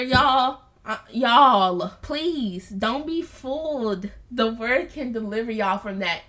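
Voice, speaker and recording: A woman hosting a casual Bible study podcast, talking earnestly and preachily to her listeners and calling them y'all, then reading scripture aloud slowly and softly. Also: fairly high pitch. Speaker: podcast host.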